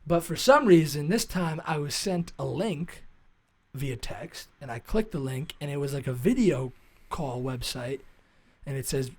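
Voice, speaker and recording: A man's voice: medium pitch, normal speed, a little mellow. A young man, a stand-up comedian co-hosting a podcast, telling a casual story with lots of swearing and fillers. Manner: rambling, profane, filler-heavy.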